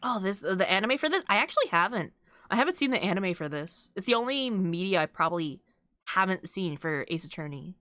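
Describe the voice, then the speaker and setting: A woman's voice: medium pitch, very animated, fairly quick, a bit bright, no echo, clean studio sound. A woman streaming a game, making chatty, giggly asides between reading lines. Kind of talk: casual gameplay commentary.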